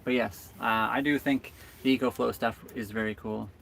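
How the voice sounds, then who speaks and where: A man's voice: mid-range voice, fairly even intonation, moderate pace, creaky, a bit bright, slight background noise. A man hosting a live stream from his sailboat, chatting casually and answering viewer comments. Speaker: boat vlog host.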